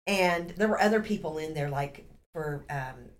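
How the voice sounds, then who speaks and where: A woman in her fifties, a podcast guest, telling a story in a lively, laughing, casual way. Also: deep voice, normal speed. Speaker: podcast guest, real estate agent.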